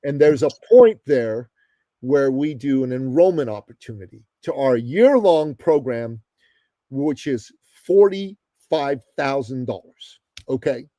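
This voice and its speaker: A man from the Middle East, a guest on a podcast, telling a story with emphatic pauses and asides to the host. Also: medium pitch, warm tone, dry recording. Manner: emphatic, addresses the host often, dramatic pauses. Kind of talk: animated storytelling in a podcast interview.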